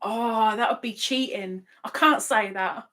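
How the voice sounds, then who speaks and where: Her voice on the high side, pushed and bright yet unhurried, a livestream host keeps up casual chat. She reads viewers' comments aloud and laughs often.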